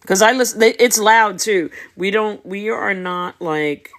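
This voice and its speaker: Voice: mid-range voice, unhurried, a bit bright. A dog breeder chatting casually on a live stream, explaining things at length in an easygoing way. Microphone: phone or device on a live stream.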